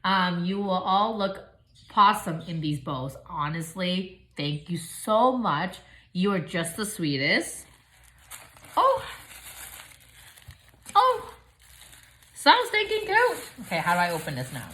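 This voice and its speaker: A woman filming a casual unboxing vlog at home, chatty and gushing with excitement. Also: lowish voice, unhurried, slight background noise, rough recording. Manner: gushing, excitable, squeals and gasps. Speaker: vlogger unboxing a package. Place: home, filming with pets nearby.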